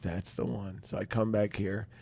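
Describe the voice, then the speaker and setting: A man's voice: fairly low pitch, steady tone, moderate pace, creaky, mellow. Laid-back man spinning a profane tall tale. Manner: tells tall tales, acts out the characters in them. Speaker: co-host. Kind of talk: casual profane banter.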